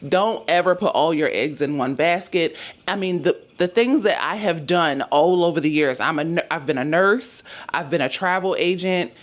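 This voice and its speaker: A woman's voice: sits low, moderate pace. Chatty woman talking budget numbers. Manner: chatty, addresses viewers as "y'all", thinks aloud over numbers. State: losing her voice. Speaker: budgeting YouTuber. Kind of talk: casual monthly budget update.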